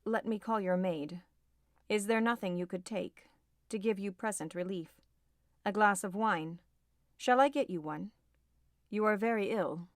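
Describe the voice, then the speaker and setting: A woman reading an audiobook voices a grave gentleman, speaking with gentle, restrained concern. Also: medium pitch, normal speed, no echo, studio quality, lightly acted.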